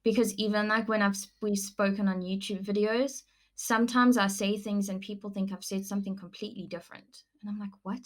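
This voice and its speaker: A young woman with a South African accent, co-hosting a podcast in casual, animated chat. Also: medium pitch, fairly quick. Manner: chatty, animated, laughs often. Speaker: podcast co-host.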